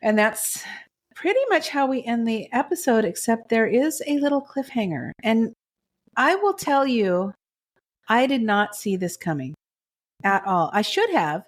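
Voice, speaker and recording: A woman's voice: a little high, animated, unhurried. A woman co-hosting a podcast, recapping a TV drama in casual chat with gushing, emotional enthusiasm. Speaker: podcast co-host.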